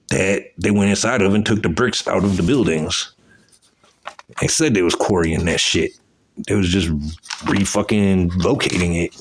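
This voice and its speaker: A man's voice: low voice, slight background noise. A man giving profane, agitated commentary on old photos, exclaiming as he goes. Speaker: video host.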